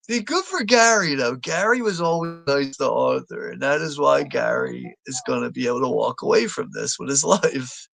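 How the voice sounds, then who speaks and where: A man's voice: fairly high pitch, lively intonation, normal speed, gravelly, a bit bright, dry recording. A man hosting a live movie watch party, talking casually, swearing freely and laughing a lot. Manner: profane, laughs often.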